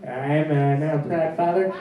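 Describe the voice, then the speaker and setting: A young man doing a stand-up comedy set in a club, with a halting, deadpan delivery full of fillers. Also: fairly high pitch, phone-quality sound. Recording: distant mic in echoey club with crowd. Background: audience laughter.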